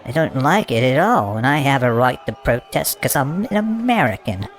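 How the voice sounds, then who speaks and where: Man as a crude, stubborn English protester; belligerent, stammers, mid-pitched, comedy sketch. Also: sing-song, normal speed, slight background noise, lightly acted. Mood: indignant.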